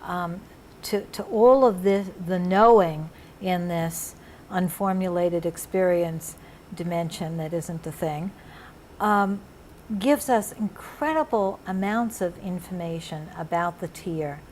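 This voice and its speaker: A woman's voice: on the low side, takes it slowly, darkish tone, a little hiss or hum. Earnest woman interviewer searching for words. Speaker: interviewer, therapist. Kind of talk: reflective interview conversation.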